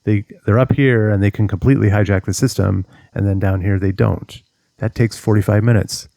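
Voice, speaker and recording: Gravelly low-voiced man coaching. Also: fairly even intonation, fairly quick, mellow, dry recording, clean studio sound. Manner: earnest, steps through advice, acts out inner monologue. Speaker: relationship coach. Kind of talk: direct-to-camera advice talk.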